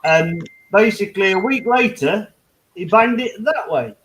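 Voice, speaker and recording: Rambling, sweary man, a bit high. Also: lively intonation, measured pace, a bit bright, slight background noise, poor audio. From United Kingdom. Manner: rambling, swears freely, laughs at own stories. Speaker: hangout host. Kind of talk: casual chat among friends.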